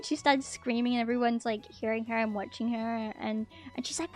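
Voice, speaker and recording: A woman's voice: fairly high pitch, steady tone, brisk, few pauses, darkish tone, soft background music. A woman telling a story to her stream in a casual, blunt way, swearing freely and filling her talk with ums and likes.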